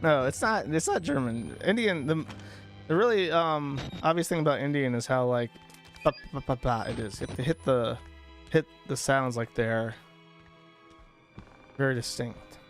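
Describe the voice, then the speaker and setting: A man's voice: mid-range voice, normal speed, long pauses, faint music behind. A man giving rambling, joking let's-play commentary as he plays a horror game, swearing now and then. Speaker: gaming streamer.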